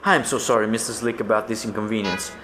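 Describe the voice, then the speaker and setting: A man's voice: on the low side, steady tone, fast, fairly bright tone, soft background music, close to an everyday voice. A man voicing an overly polite young woman who keeps apologizing. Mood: apologetic. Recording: roomy echo, faint noise.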